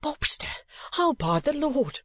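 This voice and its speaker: A man's voice: high voice, very animated, unhurried, husky, no room sound, pitched above the performer's own voice, exaggerated voice. A man reading an audiobook, voicing a flustered, loyal older male friend who speaks in jerky, urgent bursts and is out of breath. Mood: panicked.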